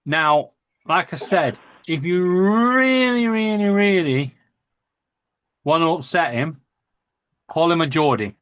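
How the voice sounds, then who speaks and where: A man's voice: on the high side, measured pace, fairly bright tone, dry recording. Joking Lancashire man, dry close mic. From Lancashire, England. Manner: swearing, jokey storyteller. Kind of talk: casual chat.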